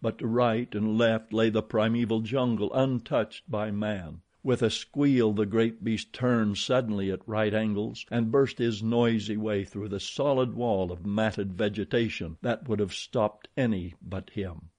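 A man reading an adventure story aloud in a measured, dramatic storytelling manner. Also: fairly low pitch, steady tone, a little mellow. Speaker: audiobook narrator. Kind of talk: scripted narration.

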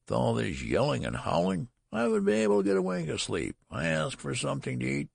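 A man's voice: medium pitch, wildly swooping pitch, brisk, vocal fry, no room sound, studio quality, pitched above the performer's own voice, full character voice. A man voicing a frail, querulous old man with a cracked, ancient voice that whines and complains. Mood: shrill protest.

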